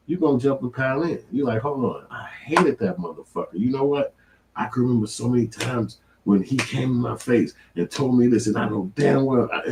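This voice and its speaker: Low-voiced dude ranting casual, cussing a lot, kinda far off the mic. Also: male voice, slight background noise. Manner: animated, profane, laughing asides. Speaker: co-host commentator. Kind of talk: casual commentary.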